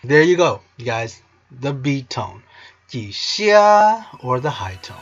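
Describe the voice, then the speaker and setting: A man's voice: medium pitch, expressive, moderate pace, dull audio. A man hosting a casual language lesson video, playful and cheesy, sometimes breaking into song. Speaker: language teacher, video host.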